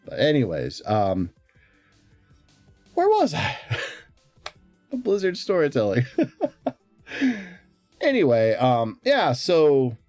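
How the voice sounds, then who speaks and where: A man's voice: medium pitch, a little mellow, no echo. A man streaming in casual chat, rambling along with frequent fillers and restarts.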